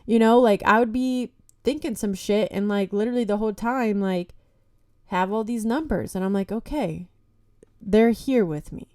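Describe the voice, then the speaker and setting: Warm-voiced young woman, candid podcast host. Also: mid-range voice, normal speed, no echo, studio quality. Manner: candid, heavy swearing, frequent "like" and "you know"; encouraging, addresses listeners as "guys". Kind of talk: casual solo podcast talk.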